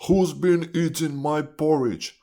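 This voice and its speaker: A man voicing a great big father bear in a storybook reading, booming. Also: takes it slowly, warm tone. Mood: gruff.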